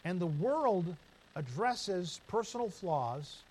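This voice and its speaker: A man with a fairly high voice preaches a sermon from the pulpit. He tells homespun stories and keeps asking the congregation rhetorical questions. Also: slow, a little hiss or hum, rough recording. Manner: storytelling, animated, asks the room rhetorical questions. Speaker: pastor.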